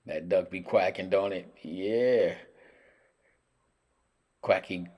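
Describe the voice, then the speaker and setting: A man's voice: sits low, slow, pauses often, darkish tone, roomy sound. A man hosting a casual home cooking vlog, talking playfully to his viewers and teasing them as he shows off his food. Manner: playful, hyped-up talk to viewers with teasing asides.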